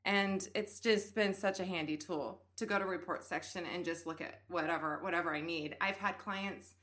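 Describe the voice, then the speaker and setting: A woman speaking as a guest on a casual podcast, chatty and animated and quick to laugh. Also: on the low side.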